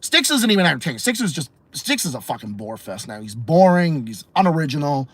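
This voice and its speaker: Massachusetts guy ranting on his podcast, swears constantly, voice sits a bit high and swings all over, dry sound. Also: very animated, brisk, husky, no echo. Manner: profane, blunt and opinionated. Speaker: podcast host. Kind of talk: ranting livestream podcast, answering chat.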